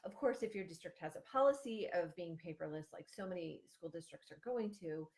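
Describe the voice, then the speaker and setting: On a casual livestream, an Ohio woman in her thirties offers parent-group advice in a fairly low, darkish voice. She's chatty, with many fillers and false starts.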